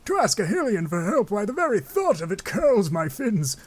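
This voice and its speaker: A shrill, outraged old fish adviser. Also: male voice, very animated, normal speed, dry recording. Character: fussy, indignant elderly male fish-folk adviser.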